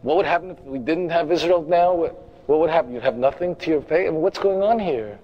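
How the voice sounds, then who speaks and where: A man's voice: a little high, fast, dull audio. A man giving a lecture as a rabbi, speaking emphatically, repeating his phrases and turning to the audience with direct asides. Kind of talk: lecture to a congregation.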